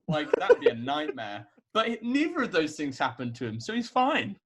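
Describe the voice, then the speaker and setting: A man's voice: fairly high pitch, huge pitch swings, normal speed, very noisy. A young man co-hosting a podcast in casual chat, throwing in joking asides. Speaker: podcast co-host.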